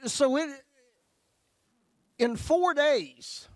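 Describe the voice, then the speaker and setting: A man's voice: very high voice, animated, drawn-out words, no room sound. Folksy storytelling pastor, man, dry sound. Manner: folksy, joking with the congregation, big swings between loud and hushed. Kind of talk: storytelling sermon.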